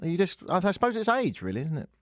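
A middle-aged radio host in casual talk, dry and self-mocking, with a rambling delivery. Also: male voice, high-pitched, huge pitch swings, fast talker. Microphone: studio mic.

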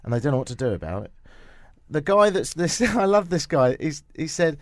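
Jokey man, lively voice. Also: on the high side, brisk, dry recording. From England. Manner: jokey, playful, riffing. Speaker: radio show host. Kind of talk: casual radio chat.

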